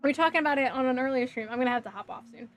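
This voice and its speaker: Giggly New woman, fairly high. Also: rapid-fire. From New Jersey. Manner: giggly, scattered, answers chat messages aloud. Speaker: livestreamer building a model kit. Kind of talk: casual chat with stream viewers.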